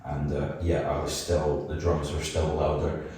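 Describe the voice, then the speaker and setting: A man's voice: rumbling low, little pitch movement, normal speed, dark tone. A young man with an Edinburgh Scottish accent, a band vocalist chatting casually as a podcast guest, rambling and self-deprecating with frequent laughs. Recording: roomy echo, mic at a distance.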